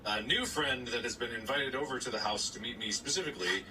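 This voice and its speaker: A man co-hosting a podcast, telling a story in casual chat and acting out other people in high voices. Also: quick pace, few pauses, far from the mic, slight background noise, low-quality recording. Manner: animated storyteller, acts out voices in high squeaks. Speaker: podcast co-host.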